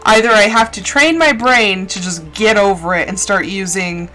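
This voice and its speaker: A woman's voice: medium pitch, normal speed, soft background music. A woman streamer chatting casually while playing a game, telling stories and acting out her own reactions. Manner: chatty storytelling, acts out her own shouting. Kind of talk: casual gaming chat.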